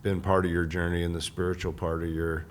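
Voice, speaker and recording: Low-voiced male interview host. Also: flat delivery, fast, slight background noise. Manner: easygoing, prompting questions with short affirmations. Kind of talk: casual interview chat.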